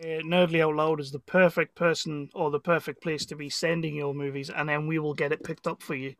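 A man's voice: on the high side, little pitch movement, a little fast, fairly bright tone, dry recording. A man hosting a podcast interview over a video call, enthusiastic and jokey, laughing often. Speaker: podcast host. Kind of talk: casual interview chat.

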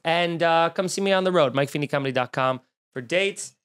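A young man, a comedian hosting his podcast, telling a story as a profane, exasperated rant and acting out the quotes loudly. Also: fairly high pitch, brisk, clear, resonant tone. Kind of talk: animated comic storytelling rant.

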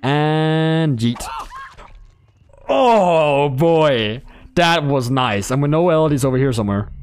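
A young man giving casual live commentary on his own gameplay, excitable, laughing and swearing as he talks to the players on screen. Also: on the high side, slow pace, a little hiss or hum.

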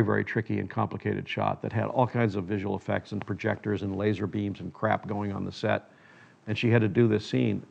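A man's voice: on the low side, gravelly, lo-fi sound. An older man, a filmmaker, telling stories in a reflective interview, often quoting others in his anecdotes.

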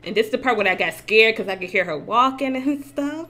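A woman's voice: a little high, animated, fairly quick, bright, forceful tone. Chatty swearing woman streaming a game. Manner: chatty, swears freely, laughs often. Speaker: gaming streamer. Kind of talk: casual live-stream chat. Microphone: desk mic with facecam.

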